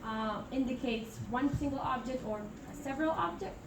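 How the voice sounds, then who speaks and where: A young woman from Italy, an international student, presents in a classroom with a high-pitched, expressive voice at a moderate pace. She hesitates often, using fillers and restarting sentences. The recording is distant, noisy, and echoey.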